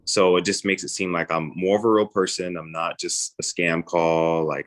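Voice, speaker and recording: A man's voice: sits low, steady tone, moderate pace, hardly any pauses, a bit bright. A man who works as a real estate agent, casually describing his calls and acting out both sides of them. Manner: casual, acts out phone calls. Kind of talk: casual guest account.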